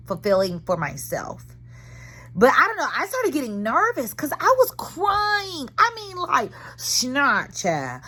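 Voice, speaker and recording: Lively candid woman vlogging from a car. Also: medium pitch. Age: 30s. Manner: candid, dramatic, animated storytelling with slang. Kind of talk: casual chat.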